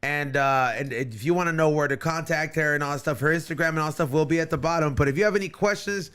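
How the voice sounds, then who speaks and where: A man's voice: a little high, fast talker, a bit bright, clear, resonant tone. A man hosting a podcast in loose, rambling casual chat, swearing freely. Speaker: podcast host.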